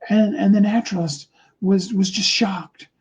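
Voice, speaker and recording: A man giving a motivational talk, telling a story slowly and deliberately, with many fillers and restarts. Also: high-pitched, fairly even intonation, husky, highs cut off. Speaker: motivational speaker.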